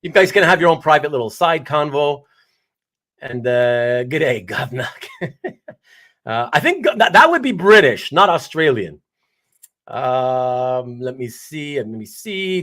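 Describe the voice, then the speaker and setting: A man's voice: mid-range voice, fairly bright tone. A man hosting a casual live stream who chats with viewers, reads their names aloud and laughs often. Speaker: host of a live comic art stream.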